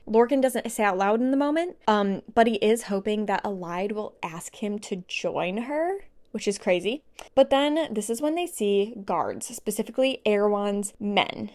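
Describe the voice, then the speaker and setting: Chatty young woman recapping a book. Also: mid-range voice. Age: 20s. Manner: chatty, animated, laughs to herself. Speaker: book vlogger. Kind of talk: casual plot recap.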